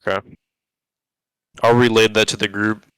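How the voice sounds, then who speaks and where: A man's voice: on the low side, flat delivery, normal speed, a bit bright, clean tone, no echo, poor audio. Man giving short agreeable replies. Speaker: player. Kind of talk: casual tabletop game chat.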